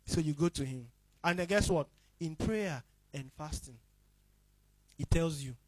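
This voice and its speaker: A male pastor with a high voice delivers a sermon, hammering points through repetition. He swings between loud declarations and quiet, hushed asides. The sound is close and dry, with no room echo. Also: expressive, normal speed.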